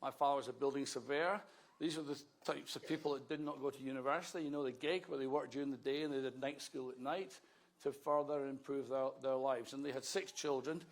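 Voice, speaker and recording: A man's voice: mid-range voice, fairly even intonation, brisk. A Scottish man in his sixties, a politician giving a wry, anecdotal speech at a rally with self-mocking asides. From Scotland.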